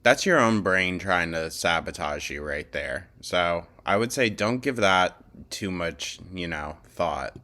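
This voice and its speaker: Deep, slow-talking sarcastic male commentator. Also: expressive, sharp tone. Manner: blunt, sarcastic, exasperated. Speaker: commentary host. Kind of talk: reaction commentary.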